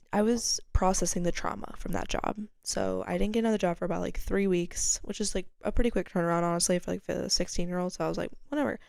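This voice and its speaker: A woman's voice: medium pitch, gravelly, a little mellow, dry recording, clean studio sound. A young woman hosting a casual chat podcast, telling a rambling story full of fillers and restarts. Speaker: podcast host.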